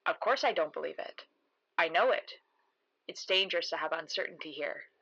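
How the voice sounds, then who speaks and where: A narrator voicing a calm, blank-faced girl on a swing who states things flatly as fact, in a horror audio drama. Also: mid-range voice, normal speed, gravelly, dull audio. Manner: flat matter-of-fact delivery.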